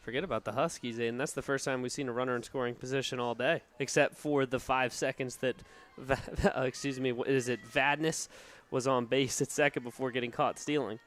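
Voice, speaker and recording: Guy doing laid-back color commentary for a softball game, mid-pitched voice. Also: fairly quick. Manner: relaxed analytical color talk. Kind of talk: sports commentary.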